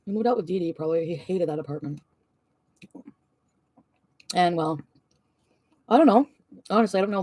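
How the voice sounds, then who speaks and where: A woman's voice: on the low side, expressive, moderate pace, long pauses, dark tone, dry recording, clean studio sound. Profane ranting woman vlogger. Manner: profane, venting, rambling. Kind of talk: ranting vlog.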